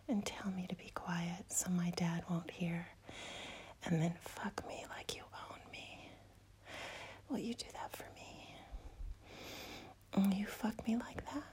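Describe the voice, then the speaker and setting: A woman speaking in a whispered role-play, breathing her words softly and intimately between quiet murmurs. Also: mid-range voice.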